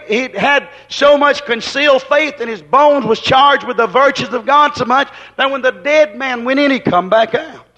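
Male preacher, high-pitched, swings from shouts to hushed asides; dull old recording. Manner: emphatic, repeats phrases, swings from loud exclamations to hushed asides. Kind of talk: fervent sermon.

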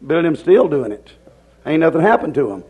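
A man preaching a sermon, swinging between hollering and hushed, drawn-out lines. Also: a little high, very animated, low-quality recording.

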